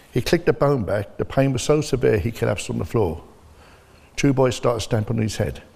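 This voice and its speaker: Man, blunt earnest testimony, husky low voice in a reverberant hall. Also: a little mellow. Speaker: bereaved father giving testimony. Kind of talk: personal testimony in conversation. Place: church. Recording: long reverb of a church hall.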